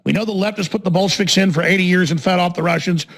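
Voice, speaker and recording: A man with a high, gravelly voice rants as a talk radio host. He is combative and emphatic, hammering points with repeated phrases. His delivery often climbs toward a shout. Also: rapid-fire. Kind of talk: ranting political monologue.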